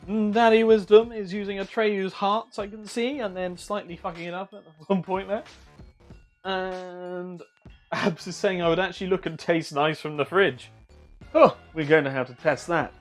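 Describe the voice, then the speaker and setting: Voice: medium pitch, expressive, normal speed. Sweary streamer just chatting away, voice bouncing up and down lots, bit of music in the back. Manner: chatty, swears, reads chat aloud. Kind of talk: casual live-stream chat.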